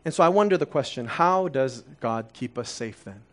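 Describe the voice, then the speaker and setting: A man's voice: medium pitch, animated, moderate pace, fairly bright tone. A man in his thirties, originally from Korea, preaching a conversational sermon full of rhetorical questions. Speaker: pastor.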